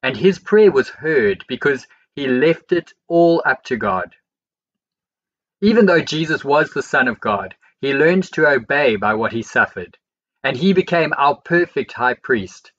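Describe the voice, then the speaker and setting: A man reading the Bible aloud, verse by verse, in a steady and measured way. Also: medium pitch, dull audio. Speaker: Bible reader.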